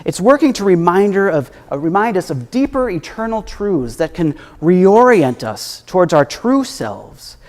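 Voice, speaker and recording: A man preaching a sermon as minister, reflective and gently humorous, his voice at times dropping soft. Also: high-pitched, sing-song, a little slow, few pauses. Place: church sanctuary. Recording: echoey hall with long reverb.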